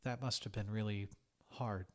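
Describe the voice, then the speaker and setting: A shy, earnest young woman in a storybook reading, as a man puts her on. She speaks softly and sincerely, in a lifted voice over a fairly low base. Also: fairly even intonation, moderate pace, natural voice.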